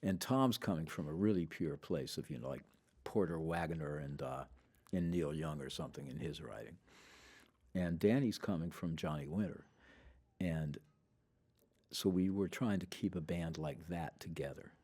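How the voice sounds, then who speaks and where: A man's voice: a bass voice, normal speed. A middle-aged man from the Southern US, a musician guest telling stories, acting out the quoted lines. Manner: animated, acts out quoted dialogue. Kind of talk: conversational storytelling.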